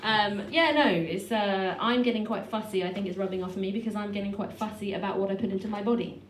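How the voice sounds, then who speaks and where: Dry woman doing stand-up. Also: mid-range voice. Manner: dry, self-deprecating delivery with quick restarts. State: heavily pregnant. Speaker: stand-up comedian. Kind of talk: stand-up comedy set. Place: small comedy club stage. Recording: echoey club room from far off, noisy.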